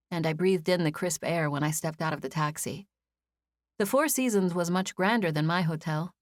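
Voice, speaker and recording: A woman narrating a first-person novel as an audiobook. She reads in an even, measured storytelling manner, her voice sitting fairly low. The studio sound is dry and close-miked. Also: dry recording.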